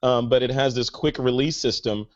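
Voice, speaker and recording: A man's voice: medium pitch, normal speed, lo-fi sound. A man hosting a podcast, chatting casually and with enthusiasm, with lots of fillers. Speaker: podcast host. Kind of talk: casual chat.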